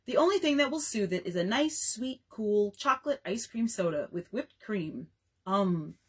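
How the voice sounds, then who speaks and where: A man's voice: high voice, expressive, normal speed, husky. A woman voicing a fussy, bossy father of twelve who teases and grumbles. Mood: mock-grumbling. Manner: blustery and teasing.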